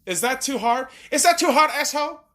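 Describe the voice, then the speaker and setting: A man's voice: extremely high pitch, expressive, fairly quick, sharp tone, voice pushed up, full character voice. A man doing a put-on voice of an exasperated man who scolds people and rants shrilly.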